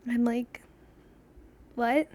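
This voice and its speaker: Speaking slowly in a steady, darkish voice on the high side, a young woman hosts a podcast full of chatty, rambling stories. She laughs often and acts out quotes, and the recording is dry.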